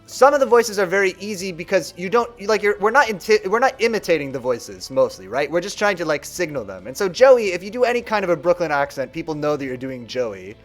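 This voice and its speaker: A man's voice: high voice, big pitch swings, brisk, few pauses, faint music behind. A man streaming a card video game, chatting casually and rambling about how people play. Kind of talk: casual gameplay commentary.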